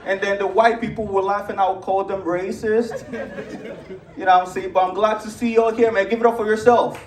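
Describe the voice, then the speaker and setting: Brash Nigerian-accented stand-up comic. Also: male voice, high voice, steady tone, brisk, recorded from a distance. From Lagos, Nigeria. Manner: brash, crude, conversational punchlines. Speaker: stand-up comedian. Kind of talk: stand-up comedy set. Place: comedy club stage. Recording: echoey club audio from afar.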